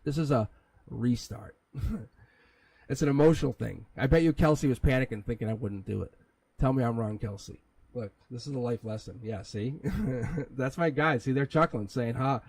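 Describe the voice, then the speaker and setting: A man's voice: medium pitch, normal speed, darkish tone, rough recording. A man hosting a live tarot reading, talking in a rambling, casual way, chuckling often and swearing now and then. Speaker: tarot reader, livestream host.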